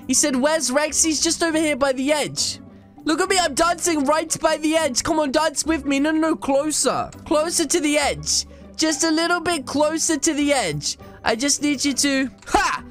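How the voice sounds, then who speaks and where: A woman giving dramatic, excitable commentary over her gameplay, with lots of gasps and exclamations. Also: high-pitched, moderate pace. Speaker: gaming YouTuber. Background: faint game music.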